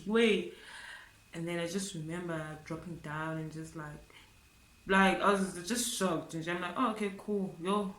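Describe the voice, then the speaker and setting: A South African woman talks straight to camera, her slightly low voice halting and tearful as she circles back over her words. She fills the gaps with "like" and "guys", and the room around her rings with echo. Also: a bit bright. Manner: tearful, halting, repeats herself, fillers like "like" and "guys". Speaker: vlogger. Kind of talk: emotional storytelling to camera.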